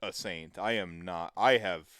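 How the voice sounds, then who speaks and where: A man in his thirties talks through a casual podcast conversation, his voice on the low side and smoothly clear. He rambles loosely, leaning on fillers and a bit of swearing. The recording is dry and close. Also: measured pace, a bit bright, no echo. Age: 30s. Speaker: podcast host.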